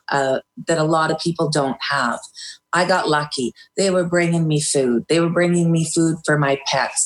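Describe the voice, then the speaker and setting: A middle-aged woman, a guest in an interview, recounting a hard time candidly and with feeling, with some hesitant restarts. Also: low voice. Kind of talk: personal storytelling in an interview.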